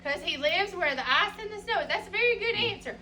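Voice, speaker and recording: A woman's voice: very high voice, animated, fairly quick, distant mic, noisy background. A woman teacher reading a picture book aloud to a class, asking the children questions in a sing-song way.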